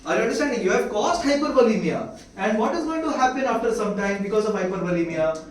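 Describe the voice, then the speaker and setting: A man's voice: sits high, expressive, fast talker. A man with an Indian accent giving a medical lecture, constantly quizzing his students with rhetorical questions. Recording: echoey room, mic far off, faint hiss.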